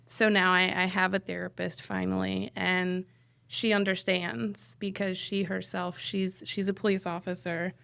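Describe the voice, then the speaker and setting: A woman paramedic talking frankly on a podcast. Her voice has a gravelly, creaky edge and sounds dry and close to the mic. She tells stories from her job plainly and bluntly. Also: medium pitch, little pitch movement, unhurried, a bit bright, no room sound. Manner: candid, storytelling, blunt. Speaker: paramedic guest. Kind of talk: casual podcast interview.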